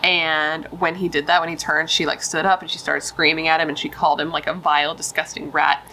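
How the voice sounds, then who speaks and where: A woman's voice: deep voice, little pitch movement, brisk, pushed and bright, a little hiss or hum, low-quality recording. A young woman casually telling a true crime story, emphatic and chatty, swearing and saying dude and like.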